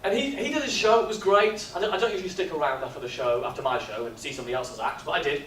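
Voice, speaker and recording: A man, speaking at a business workshop and telling stories in a lively, jokey way. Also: fairly high pitch, rapid-fire, a little hiss or hum. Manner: lively storyteller, jokey and animated. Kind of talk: live workshop talk with comic storytelling. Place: expo hall. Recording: echoey hall, mic from far off.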